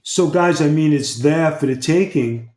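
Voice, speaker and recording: A man's voice: fairly high pitch, measured pace, a little mellow. A man co-hosting a podcast as a mob historian, talking bluntly and profanely in a rambling way. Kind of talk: casual podcast chat. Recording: roomy echo.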